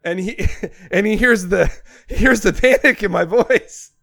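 A man co-hosting a podcast, telling a story in a casual, animated way with plenty of swearing. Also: high voice, a little slow, vocal fry, no room sound, studio quality. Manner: animated, profane storyteller with swinging loudness. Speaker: podcast co-host.

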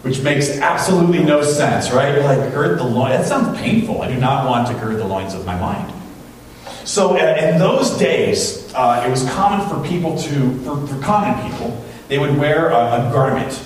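A man preaches a relaxed, conversational sermon, often tossing in "right?" to the congregation. He is heard from some distance in a very echoey church, with a faint hum underneath. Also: mid-range voice, moderate pace. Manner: chatty, often asks "right?". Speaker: pastor.

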